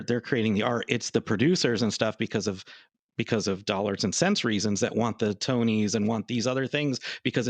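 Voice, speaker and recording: A man co-hosting a casual podcast in a chatty, joking way. His voice sits at an ordinary middle pitch and is recorded close and dry, with no room sound. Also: dry recording. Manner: talkative, playful, jokey. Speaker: podcast co-host.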